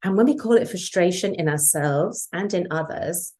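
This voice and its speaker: A woman's voice: on the low side, moderate pace, mellow. A woman guest in an interview, talking earnestly about parenting and acting out quoted dialogue. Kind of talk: conversational interview.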